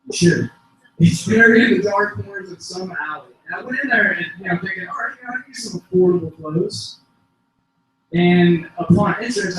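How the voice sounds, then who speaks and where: A young man tells rambling stand-up stories at an open mic, now and then erupting into shouts and laughing at his own jokes. His voice sits high and sharp. It was recorded from far off in a very echoey venue. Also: a little hiss or hum. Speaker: stand-up comedian. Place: small comedy venue.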